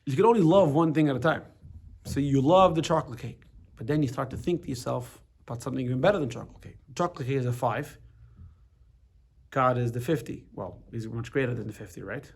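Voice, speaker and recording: A man's voice: medium pitch, fast talker, creaky, breathy edge. A man teaching a casual class on a religious text, explaining with everyday examples, often restarting and repeating words.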